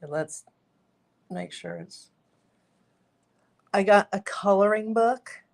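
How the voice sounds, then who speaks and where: A plainspoken woman co-hosting a relaxed live stream, chatting in an easy, everyday way. She drops swear words without any fuss. Her voice sits in an ordinary middle range. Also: medium pitch, slow, gravelly. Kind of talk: casual live stream chat.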